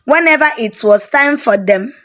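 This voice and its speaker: A woman narrating a story in a steady, unhurried way. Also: a little high.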